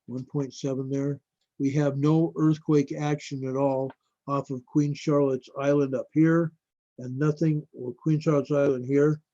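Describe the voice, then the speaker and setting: Slow, mellow-voiced man on a lo-fi stream. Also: mid-range voice, no room sound. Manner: slow, rambling, addresses viewers as folks. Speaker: livestream host. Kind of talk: casual live stream commentary on earthquake maps. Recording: dull lo-fi dry stream audio.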